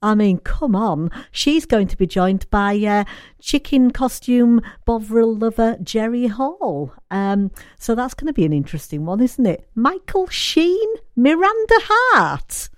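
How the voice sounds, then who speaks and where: A woman presenting a chatty radio show, bubbly, with her voice rising as she gets excited. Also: mid-range voice, unhurried, no room sound, clean studio sound. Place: radio studio. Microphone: studio microphone.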